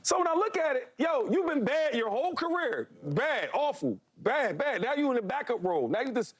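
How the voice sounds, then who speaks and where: Animated, joking man on a panel. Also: very high-pitched, fairly quick, no room sound. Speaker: sports debate panelist. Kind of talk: sports debate talk.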